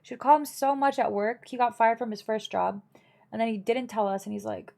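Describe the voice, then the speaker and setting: A woman's voice: a little high, fairly even intonation, fairly quick, vocal fry, warm tone. Blunt, gossipy young woman streamer. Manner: gossipy and blunt, with frequent fillers. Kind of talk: casual chat with live chat.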